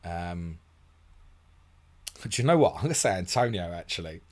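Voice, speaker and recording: A man hosting a fast live Q&A, blunt and casual, calling listeners mate, with a sore throat and short of sleep. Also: deep voice, expressive. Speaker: host answering viewer questions.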